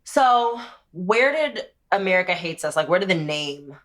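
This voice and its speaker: Bright-voiced woman hosting a chatty podcast. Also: on the low side, very animated. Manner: chatty, affirming, lots of quick agreement. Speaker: podcast host. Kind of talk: casual interview chat.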